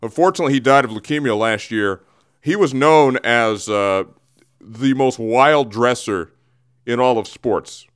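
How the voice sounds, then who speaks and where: In a radio studio, a male host talks sports in a smooth, unhurried, medium-pitched voice. The chat is casual and rambling, wandering off on tangents as he keeps interrupting himself.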